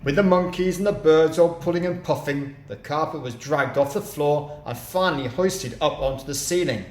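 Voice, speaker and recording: A man's voice: fairly high pitch, moderate pace. A man reading a children's story aloud expressively, in an echoey room. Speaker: reader.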